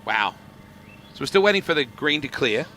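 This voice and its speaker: A man's voice: medium pitch, sing-song, moderate pace, sharp tone, a little hiss or hum. A man hosting a casual live-stream chat outdoors, jokey and full of stories. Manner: chatty, jokey storyteller. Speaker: host. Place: outdoors at a racing event.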